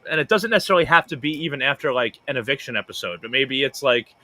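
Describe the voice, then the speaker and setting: A man's voice: medium pitch, animated, fast, bright, forceful tone, dry recording. A man co-hosting a casual podcast chat, thinking aloud with many restarts. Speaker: podcast co-host.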